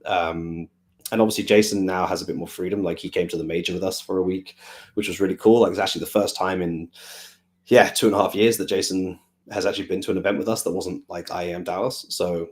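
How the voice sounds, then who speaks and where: Man with a very low voice, unhurried, thinking aloud, conversational Q&A. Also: fairly even intonation. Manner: rambling, thinking aloud with many fillers. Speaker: team manager answering fan questions. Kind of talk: casual Q&A chat.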